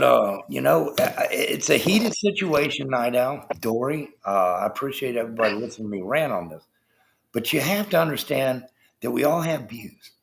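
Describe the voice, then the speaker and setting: A livestream host with a mid-range voice and vocal fry rants heatedly about politics, swearing constantly. He addresses his chat viewers throughout the profane tirade.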